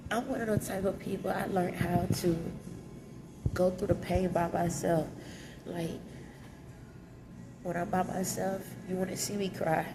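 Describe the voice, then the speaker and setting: A woman's voice: on the low side, steady tone, a little slow, pauses often, noisy background. A woman with children, crying as she talks candidly about her pain to her viewers in a confessional vlog from a lobby. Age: adult with children. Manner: tearful, raw and candid, speaks in casual vernacular. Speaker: vlogger. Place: hotel lobby.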